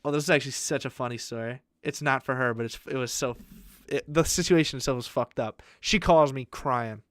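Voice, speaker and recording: Young male podcast co-host with a smooth, resonant voice and a dead-dry close-mic sound, a crude, rambling storyteller. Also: medium pitch, a little fast, a bit bright, no room sound. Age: young adult.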